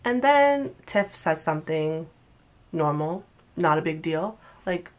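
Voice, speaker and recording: A young woman talking casually into the camera, her voice sitting a little low. She recaps a show in a chatty, lively way and slips into exaggerated voices for quoted lines. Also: slow. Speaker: TV recap vlogger. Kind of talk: casual commentary.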